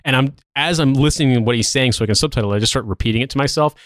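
Fast-talking American man, sardonic. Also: medium pitch, a bit bright, no room sound, studio quality. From United States. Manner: rambling, sardonic. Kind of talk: casual comedic chat.

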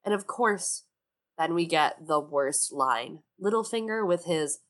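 A woman co-hosting a podcast in casual chat, with a lowish voice that still sounds bright and forceful. She talks with animated sarcasm and swears freely. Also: a little slow. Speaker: podcast co-host. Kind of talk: casual book discussion chat.

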